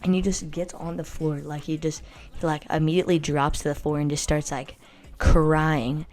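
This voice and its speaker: A woman's voice: low-pitched, little pitch movement, moderate pace, a little mellow, faint music behind. A teenage girl telling a story-time vlog in casual, rambling speech full of "like", blunt and boastful. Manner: rambling, filler-heavy with constant "like".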